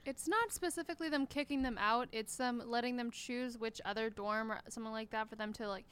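Clear-voiced young woman co-host. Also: on the high side, brisk, a bit bright. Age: young adult. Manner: explains at length, laughs easily. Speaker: podcast co-host. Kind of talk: casual podcast chat.

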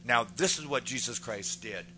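A man's voice: medium pitch, moderate pace, pushed and bright. A man preaching a sermon with fervent emphasis, repeating words to stress his points.

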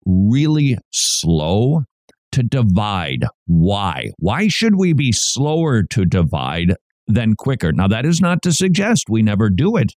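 Slow, earnest male radio host. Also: medium pitch, darkish tone, dry recording. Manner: earnest, preacherly, emphatic repetition. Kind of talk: radio commentary. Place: radio studio. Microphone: studio mic.

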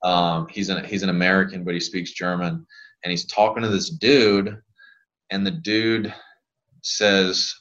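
A man's voice: sits low, little pitch movement, unhurried, fairly bright tone, dull audio. A man in his thirties from Louisiana, a physical therapist guest telling rambling stories in casual podcast chat. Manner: rambling, laid-back storyteller.

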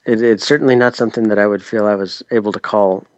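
A man's voice: lowish voice, fairly even intonation, fast talker, a little mellow, no echo, highs cut off. Modest, hesitant male guest. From Tennessee. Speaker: guest blogger. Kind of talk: interview answers.

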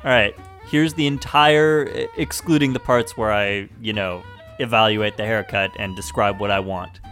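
A man's voice: lowish voice, moderate pace, fairly bright tone, soft background music. A man co-hosting a podcast, making dry, sarcastic remarks in casual banter. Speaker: podcast co-host.

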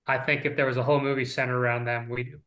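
A man's voice: mid-range voice, level tone, very fast, a bit bright. A man on a casual movie podcast, teasing and argumentative as he pushes his opinions. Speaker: podcast co-host. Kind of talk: casual movie-review chat.

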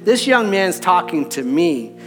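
A man's voice: high-pitched, sing-song, unhurried, soft background music. A middle-aged man preaching as a pastor, telling a personal story in a conversational way and checking in with the audience. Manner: conversational, repeats "right?" to the audience.

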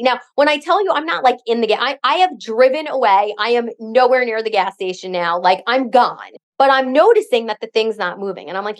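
A woman's voice: on the high side, moderate pace, hardly any pauses. Chatty woman telling a story. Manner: animated storyteller, chatty with many fillers. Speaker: podcast co-host. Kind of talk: casual chat, storytelling.

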